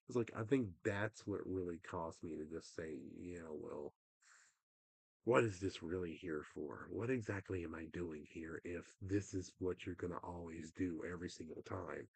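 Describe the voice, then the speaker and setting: A man's voice: sits low, normal speed, vocal fry, breathy edge, dry recording. A young man livestreaming, talking in a rambling, frustrated way that often trails off. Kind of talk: casual livestream rant.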